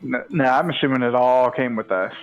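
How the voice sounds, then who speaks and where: A man playing a tabletop game, calmly explaining his moves while stumbling over words. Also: mid-range voice, brisk, dull audio, soft background music. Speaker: player. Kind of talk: casual tabletop game chat.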